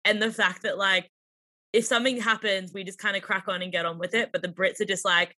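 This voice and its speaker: Bright casual Australian woman. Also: mid-range voice, steady tone, brisk. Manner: casual, peppered with "like". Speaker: podcast co-host. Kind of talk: casual chat.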